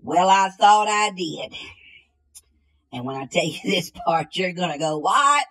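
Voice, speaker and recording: A woman playing a slow-witted, bumbling country man in a comedy sketch, drawling and repeating the same catchphrase. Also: fairly low pitch, animated, a bit bright, full character voice, low-quality recording.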